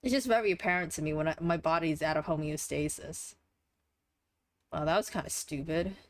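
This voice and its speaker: A woman's voice: low-pitched, brisk, dry recording. Young woman streamer just rambling while she plays, offhand, swears a bit. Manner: rambling, offhand and casually profane. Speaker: livestreamer. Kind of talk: casual live-stream chat while playing a game.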